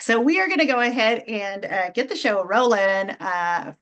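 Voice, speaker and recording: A woman hosting an online comedy show, doing a deadpan stand-up set full of fillers and restarts. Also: mid-range voice, normal speed, highs cut off. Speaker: comedy host. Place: video call.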